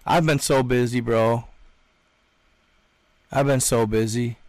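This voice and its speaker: A man's voice: medium pitch, steady tone, takes it slowly, pauses often, a little mellow, no room sound. A young man hosting a livestream, chatting and reading out comments in an emphatic, slangy way, repeating himself often. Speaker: livestream host.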